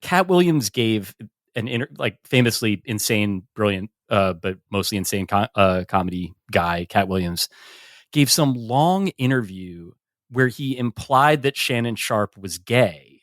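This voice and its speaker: A man's voice: fairly low pitch, expressive, a little slow, fairly bright tone, dry recording, studio quality. A man guesting on a comedy podcast, rambling and self-correcting with wry asides in casual banter.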